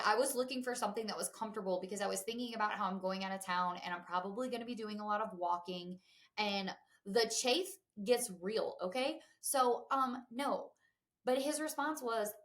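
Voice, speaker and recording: A woman's voice: medium pitch, a bit bright. Young woman podcast host, lilt, candid and chatty, mid-range voice. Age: 20s. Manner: chatty and candid, lots of fillers and asides to listeners. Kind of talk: casual chat.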